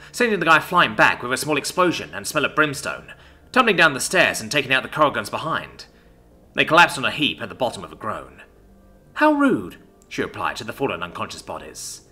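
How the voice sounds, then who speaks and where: Guy narrating a story, super lively pitch, bright voice. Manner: expressive, storytelling. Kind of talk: scripted narration.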